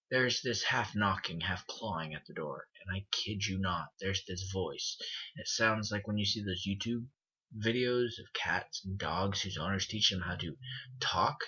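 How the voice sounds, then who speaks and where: A man narrating a first-person horror story as an earnest storyteller, restarting phrases and slowing down on the creepy parts. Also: sits low, sharp tone, slightly rough. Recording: dull lo-fi recording with music behind. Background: music bed.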